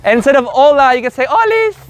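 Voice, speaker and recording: Brash high-voiced man teaching Spanish. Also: some chatter behind. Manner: brash, joking, quick and animated, swears casually. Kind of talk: casual live group lesson.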